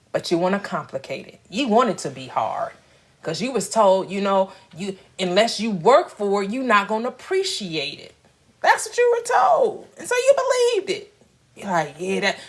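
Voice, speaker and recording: Woman, preachy spiritual teacher, repetitive call-and-response delivery. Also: mid-range voice.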